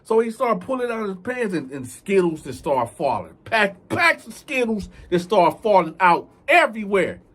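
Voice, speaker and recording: High-pitched male storyteller, emphatic and profane, who acts out his characters. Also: sing-song, moderate pace, few pauses, fairly bright tone. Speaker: storyteller, channel host. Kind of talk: animated prison storytelling.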